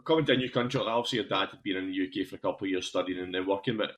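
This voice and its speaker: A podcast host with a low voice races through a casual interview, asking long, rambling questions packed with fillers.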